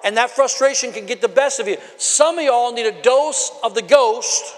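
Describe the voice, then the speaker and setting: Man, pastor, high voice, sermon, chatty preaching with loud shouted peaks, long church reverb. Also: moderate pace. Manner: conversational preaching with rising shouted bursts. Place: church sanctuary.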